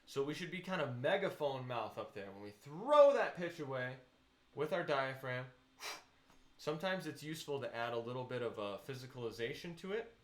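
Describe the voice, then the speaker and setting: A man's voice: mid-range voice, expressive, fairly quick, roomy sound. A man teaching a voice lesson, patiently explaining vocal technique and counting students into exercises.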